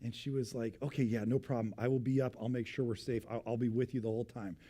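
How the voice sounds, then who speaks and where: A man's voice: medium pitch, fast. A man in his twenties, a pastor, telling a personal story in a sermon and acting out the voices of the people in it. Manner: animated storyteller, acting out voices, drops to a hushed tone for suspense.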